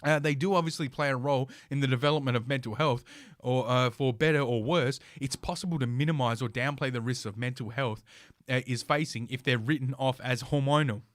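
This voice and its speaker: A man's voice: mid-range voice, a little fast, no room sound. A man hosting a podcast, ranting with scorn and heavy swearing while reading an article aloud. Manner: profane, scornful, sarcastic. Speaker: podcast host. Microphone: podcast mic.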